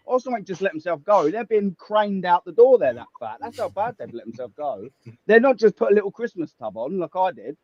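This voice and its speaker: High-voiced man on a dry lo-fi mic. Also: big pitch swings, no echo. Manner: jokey, quick banter, exaggerated comparisons. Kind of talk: casual chat. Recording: dry, dull lo-fi sound.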